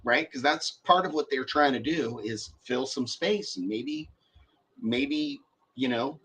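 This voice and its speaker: A man's voice: mid-range voice, slow, fairly bright tone, breathy edge. A young man in casual podcast chat about car audio, rambling and profane with many fillers and restarts.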